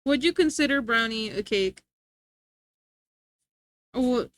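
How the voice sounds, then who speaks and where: A woman's voice: fairly high pitch, expressive, slow pace, no room sound. A woman streaming live and chatting casually with her chat, playful and teasing, laughing often.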